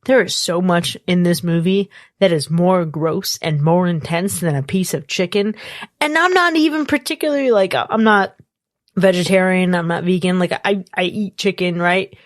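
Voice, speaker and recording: A woman's voice: fairly low pitch, normal speed, dry recording, studio quality. A woman co-hosting a movie review podcast, talking animatedly and swearing freely in casual chat. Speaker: podcast co-host.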